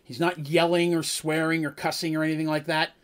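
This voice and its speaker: A man tells an improvised fantasy story in a casual, rambling way. He is chatty and goes off on asides. His voice sits a little higher than most men's. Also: level tone, fairly quick.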